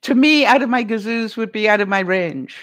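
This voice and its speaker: A woman's voice: mid-range voice, lively intonation, brisk, fairly bright tone. A middle-aged woman hosting a live stream, chatting casually with viewers in a rambling way, with frequent laughs and many fillers. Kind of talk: casual chat reading viewer comments.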